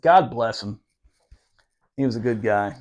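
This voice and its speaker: A man's voice: medium pitch, unhurried. A man in his forties, a Marine veteran hosting a podcast, telling stories in casual chat with lots of swearing and laughter. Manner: animated, profane, laughs often while telling stories.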